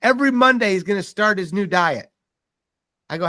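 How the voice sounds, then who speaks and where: A man's voice: high-pitched, brisk, no echo, clean studio sound. A man giving a motivational seminar talk as a mortgage sales trainer, telling stories and acting out quoted dialogue. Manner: animated storytelling with quoted dialogue.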